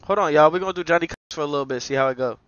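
A man livestreaming a game role-play, casual and brash, trash-talking and often breaking into loud yelling. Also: fairly high pitch, rapid-fire, no room sound, muffled recording.

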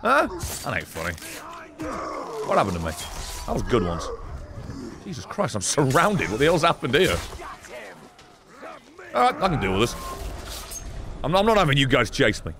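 A man doing gameplay commentary, loud and sarcastic, swearing and shouting at the game. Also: mid-range voice, wildly swooping pitch, normal speed, long pauses. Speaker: gaming streamer.

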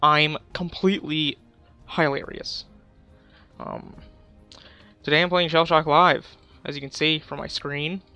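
Young male streamer, gravelly fry, slow goofy trash talk, faint game music under him. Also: fairly high pitch, fairly even intonation, pushed and bright. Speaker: gaming livestreamer. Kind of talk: casual gameplay commentary.

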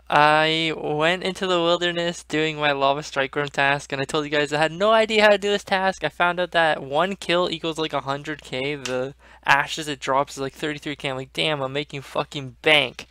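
A young man ranting about a gaming loss, swearing a lot, swinging between loud outbursts and low muttering. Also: normal speed, clear, resonant tone, no echo. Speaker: gaming vlogger. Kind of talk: venting rant to camera.

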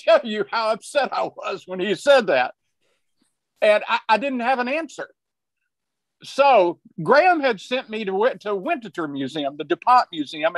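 Older man, high-pitched, dry close sound, rambling panel storyteller on a video call. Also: no room sound. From Arkansas. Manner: rambling, restarts often, chuckles while telling. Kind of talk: conversational storytelling.

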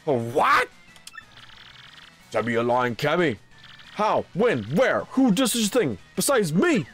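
A man voicing a huge, hot-tempered male turtle-dragon king, loud and blustering, during a game playthrough. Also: fairly high pitch, very animated, slow pace, soft background music, voice pushed up, exaggerated voice. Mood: ranting.

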